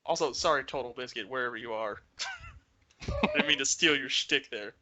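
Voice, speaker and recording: A man's voice: mid-range voice, wildly swooping pitch, normal speed, pushed and bright. A man co-hosting a casual podcast chat, ranting and swearing freely. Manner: profane, ranting. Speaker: podcast co-host.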